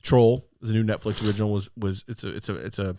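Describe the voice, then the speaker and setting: A man's voice: lowish voice, level tone, fast talker, dark tone, slight background noise. A man co-hosting a podcast, telling stories animatedly and laughing often. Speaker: podcast co-host. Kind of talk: casual chat.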